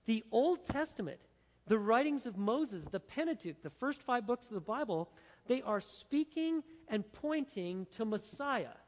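A man's voice: very high-pitched, very animated, measured pace, in a large hall. A man preaching an expository sermon in an emphatic, dramatic way. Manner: emphatic, dramatic, acts out the quotes. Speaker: pastor.

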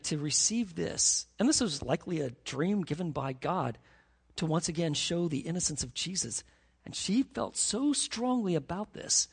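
A man preaching a sermon as pastor, emphatic and animated, reading scripture dramatically. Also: sits high, in a large hall.

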